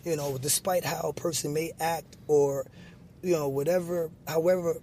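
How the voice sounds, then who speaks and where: A man's voice: fairly high pitch, steady tone, moderate pace, mellow, a little hiss or hum. A man talking as a guest in a casual conversation, earnest and patient, explaining things with lots of "you know.". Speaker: guest, basketball referee.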